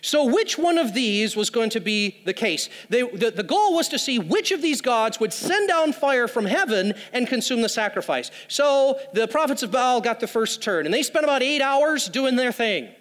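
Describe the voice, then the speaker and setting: A man's voice: very high-pitched, lively intonation, moderate pace, few pauses, fairly bright tone. A man preaching a sermon, telling a story with humorous asides. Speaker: pastor. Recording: long hall reverb.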